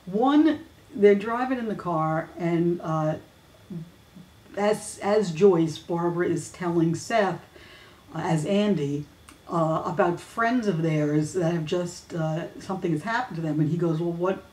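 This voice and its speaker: A woman's voice: lowish voice, a little slow, a little mellow. Chatty woman host in a roomy space. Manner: chatty, many fillers and restarts. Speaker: host of a weekly fan news videocast. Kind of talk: casual news chat. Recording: roomy echo.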